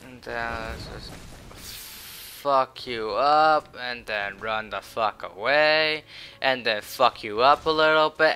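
A man commentating his own match, swearing and swinging from low muttering to shouted taunts. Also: slow, clear, resonant tone. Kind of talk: raging gameplay commentary.

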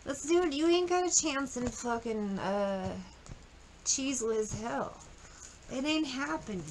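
A woman's voice: fairly high pitch, expressive, slow pace, slight background noise, low-quality recording. A woman giving a casual tarot reading, blunt and profane, mocking the people in her cards and sometimes singing snatches of songs. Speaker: tarot reader.

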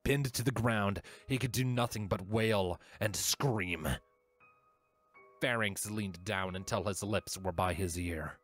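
A man narrating a fan-written story aloud, reading with steady, expressive storytelling. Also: fairly low pitch, takes it slowly. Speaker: fanfiction reader. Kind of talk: audiobook-style story narration. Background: faint music.

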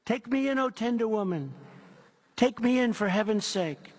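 A man's voice: high voice, expressive, normal speed, pitched above the performer's own voice. A man voicing a vicious, sly male snake in a read-aloud poem, pleading sing-song and taunting. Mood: wheedling. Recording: long reverb of a big hall.

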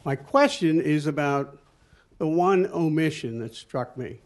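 A man's voice: fairly high pitch, animated, a little slow. A man in his sixties in the audience, politely complimenting the speaker before asking a rambling question. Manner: courteous, complimentary, rambling lead-in. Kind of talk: question from the floor at a panel.

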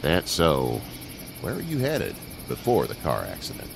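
An actor playing a wary but kind older male farmer who talks in a slow, folksy, measured way, from a video game. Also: extremely low pitch, wildly swooping pitch, gravelly, exaggerated voice. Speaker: farmer offering shelter. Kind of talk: game voice acting. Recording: game audio with loud cricket noise. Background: crickets and night ambience.

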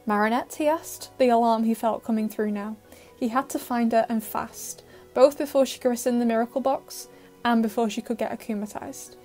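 A woman reads an audio fan-fiction story in a steady, emotive way. Her voice is fairly high, and soft music plays faintly beneath it. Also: normal speed. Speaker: narrator.

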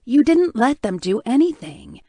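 A woman's voice: a little high, big pitch swings, measured pace, warm tone, slightly rough, dry recording, studio quality, voice pushed up, full character voice. A woman voicing a stubborn, caring young woman who tends a wounded patient in an audiobook, firm and reassuring. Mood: insistent. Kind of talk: audiobook character voice.

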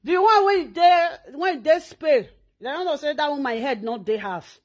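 A woman's voice: high voice, lively intonation, moderate pace. A Nigerian woman hosting her own talk show, delivering a scolding, insulting rant. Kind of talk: social media rant.

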